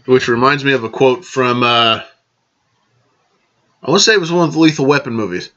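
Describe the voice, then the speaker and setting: A man's voice: medium pitch, a little fast, bright, forceful tone, muffled recording. A man hosting a casual vlog, rambling along, correcting himself and raising toasts to his listeners. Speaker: podcast host.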